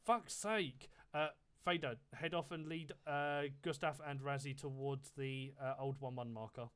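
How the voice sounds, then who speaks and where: A man leading his squad over voice chat in a military simulation game, brisk and swearing when frustrated. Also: medium pitch, little pitch movement, a bit bright, clear, resonant tone. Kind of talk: tactical radio chatter while playing.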